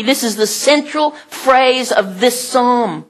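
A woman's voice: a little high, takes it slowly, few pauses. A middle-aged woman giving a sermon in a conversational way, laughing often and acting out the voices she quotes. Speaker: pastor.

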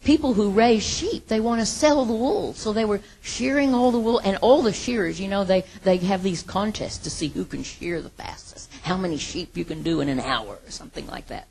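Gravelly, husky woman telling a Bible story. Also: medium pitch, moderate pace, hardly any pauses. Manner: animated retelling with acted quotes and laughs. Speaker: Bible teacher. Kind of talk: casual sermon storytelling.

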